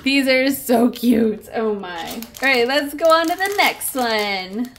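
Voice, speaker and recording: A woman's voice: on the high side, lively intonation, slow pace, a bit bright, faint music behind. A woman hosting a casual toy unboxing, gushing and giggling over each cute figure.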